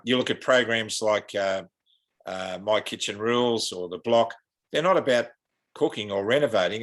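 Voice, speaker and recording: A man's voice: medium pitch, fairly bright tone. A man with an Australian accent, a podcast guest speaking earnestly and with passion, like a preacher.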